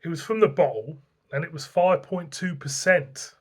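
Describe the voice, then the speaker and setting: A man's voice: on the high side, normal speed, slightly rough. A man with a Northern English accent reviewing beer in a blunt, rambling, sweary way. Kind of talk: casual beer review vlog.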